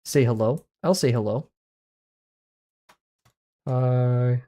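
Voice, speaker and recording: A man's voice: mid-range voice, drawn-out words, warm tone. A man livestreaming while he draws, chatting in a rambling, self-deprecating way. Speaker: livestreaming artist. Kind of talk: casual livestream chat while drawing.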